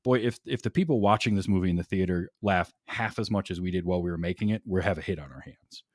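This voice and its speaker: A low-pitched man talks excitedly about a film on a casual podcast. He laughs readily and restarts his sentences often, and the sound is dry and close with no room around it. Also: fast, no room sound. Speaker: podcast guest. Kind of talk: casual movie podcast chat.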